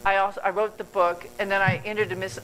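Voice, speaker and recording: A woman's voice: medium pitch, flat delivery, fast, fairly bright tone, slight background noise, low-quality recording. An older woman giving a motivational talk as a guest speaker at a club meeting. She speaks earnestly, rambles and corrects herself mid-sentence.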